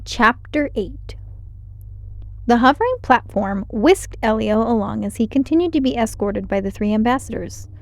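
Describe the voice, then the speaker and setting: A woman reading a children's novel aloud in a clear, expressive storytelling manner, close to the mic. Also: a little high, moderate pace, no room sound. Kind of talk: children's book read-aloud.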